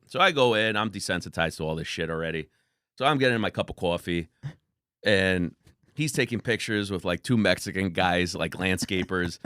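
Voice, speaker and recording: A man, a company founder, telling laid-back, animated stories as a podcast guest. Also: lowish voice, dry recording, studio quality. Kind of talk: casual interview storytelling.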